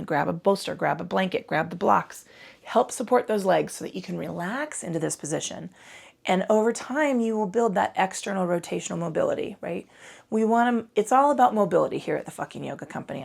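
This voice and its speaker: Short on sleep and sounding it, a yoga instructor talks her relaxed class through poses into a microphone in a low, gravelly voice. She's chatty, swears freely, and keeps drifting off into rambling asides.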